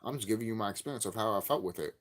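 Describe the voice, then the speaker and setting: A man giving a profane, angry vlog rant about a game, repeating himself and cursing. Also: very fast. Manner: angry, profane, repetitive ranting; lively swinging pitch, gets loud and high when worked up. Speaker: YouTube game commentator. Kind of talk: ranting vlog commentary.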